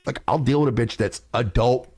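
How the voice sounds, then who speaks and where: A man's voice: mid-range voice, a little fast, a little mellow, no room sound. A male podcast host in a crude, rambling monologue full of swearing, acting out what other people say. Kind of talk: casual monologue.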